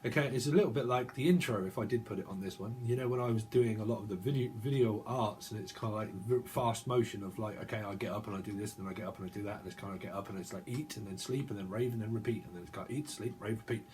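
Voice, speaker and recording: Rambling man, lowish voice. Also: fast, hardly any pauses, a little mellow. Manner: repeats words in long chanted strings. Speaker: tarot reader. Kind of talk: channelled tarot reading, rambling monologue.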